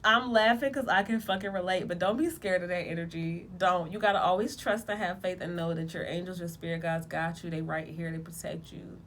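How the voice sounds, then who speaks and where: A woman giving a casual tarot reading, talking bluntly in lively slang with plenty of profanity. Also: on the low side, a little fast, few pauses, a little hiss or hum. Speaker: tarot reader.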